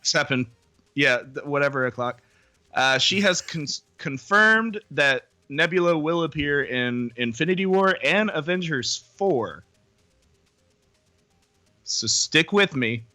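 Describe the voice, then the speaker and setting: A man's voice: fairly high pitch, animated, unhurried, bright, forceful tone, soft background music. A man co-hosting a podcast, rambling through the news with self-deprecating jokes and frequent laughs. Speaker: podcast co-host. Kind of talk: casual chat.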